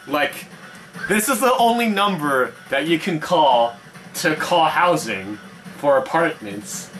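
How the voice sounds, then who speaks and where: Young man ranting, profane, slightly high-pitched. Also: animated, takes it slowly, fairly bright tone, faint music behind. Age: young adult. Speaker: gamer and podcast-style co-host. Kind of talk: casual chat over gameplay.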